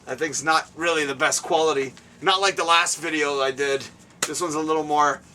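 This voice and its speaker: Excitable rambling male host, bright voice. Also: fairly high pitch, moderate pace, a little hiss or hum. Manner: excitable and rambling, laughs a lot. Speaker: show host. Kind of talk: casual interview chat. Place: guest's home, indoors. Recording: distant mic, faint room ambience.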